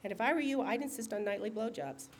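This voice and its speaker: A woman reading aloud, voicing a sharp-tongued, out-of-work art teacher who answers with quick, sarcastic retorts. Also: a little high, a little hiss or hum, close to an everyday voice. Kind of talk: audiobook reading.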